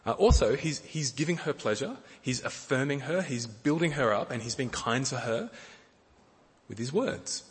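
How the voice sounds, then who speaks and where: A middle-aged man preaches in a gentle, unhurried way, with many fillers and restarts. His voice is slightly husky, at a middle pitch for a man, and it rings out with a long reverb, as in a large church hall. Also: lively intonation. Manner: gentle, with frequent fillers and repeated words. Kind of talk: sermon.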